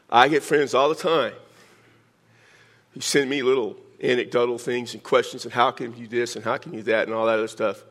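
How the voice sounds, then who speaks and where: A man's voice: mid-range voice, fairly bright tone. An older man preaching a sermon, teaching verse by verse with joking asides to his congregation. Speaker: pastor.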